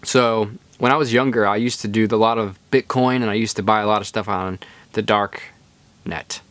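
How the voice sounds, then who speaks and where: Young male podcast host, low-voiced, rambling and laid-back, close dry mic. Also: fairly even intonation, normal speed, fairly bright tone, dry recording. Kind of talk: casual storytelling monologue.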